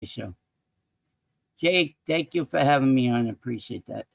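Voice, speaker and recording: A man, a guest on a live-stream talk show, talking in an excitable way and calling out viewers in the chat. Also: medium pitch, normal speed, gravelly, no room sound. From New York. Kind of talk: casual live-stream banter.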